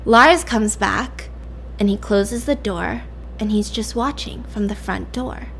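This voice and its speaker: A woman's voice: medium pitch, takes it slowly, vocal fry, a little hiss or hum. Chatty young woman retelling a story. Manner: chatty, animated, lots of fillers. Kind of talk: casual story recap.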